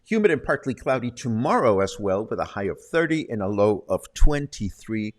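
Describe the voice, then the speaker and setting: A man's voice: lowish voice, very animated, normal speed. A man hosting a casual local news and weather roundup, chatty, with wry asides. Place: Puerto Vallarta, Mexico.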